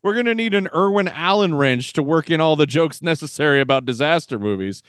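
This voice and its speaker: A man in his thirties co-hosting a podcast, joking about old movies in a wisecracking, animated way and laughing often. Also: on the high side, a little fast, no echo, clean studio sound. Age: 30s. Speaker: podcast co-host. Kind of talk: casual movie-review chat.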